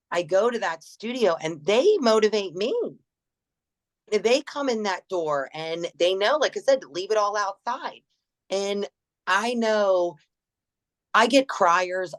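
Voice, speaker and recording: A middle-aged woman, a gym manager, chatting in an interview, telling stories with laughs and acted-out quotes. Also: lowish voice. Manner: animated, laughs often, acts out quoted voices. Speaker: gym general manager, guest. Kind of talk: casual interview storytelling.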